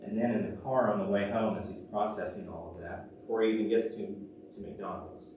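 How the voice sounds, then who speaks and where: Guy preaching, storytelling, goes loud then real quiet, big echo church, mic kinda far. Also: lowish voice, fairly quick, noisy background. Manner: animated storyteller, swings from loud to hushed. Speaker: pastor. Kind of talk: sermon with storytelling. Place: church sanctuary. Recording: very echoey church from a distant mic.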